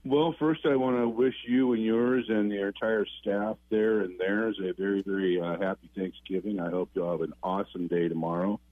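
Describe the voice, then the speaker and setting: Low-voiced male caller on a tinny phone line. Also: fairly even intonation, moderate pace, few pauses, no echo. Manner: friendly, rambling.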